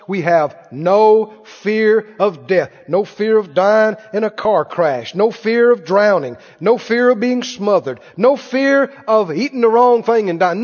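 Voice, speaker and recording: A man. He repeats his phrases for emphasis, and his pitch swings widely. The sound is dull and rings with a long church-hall echo. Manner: emphatic, repeats phrases, mimics other voices. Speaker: preacher. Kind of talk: sermon.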